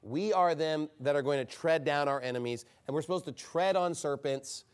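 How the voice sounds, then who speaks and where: A man's voice: fairly high pitch, normal speed, clean tone. A man preaching a fiery, combative sermon from the pulpit. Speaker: pastor.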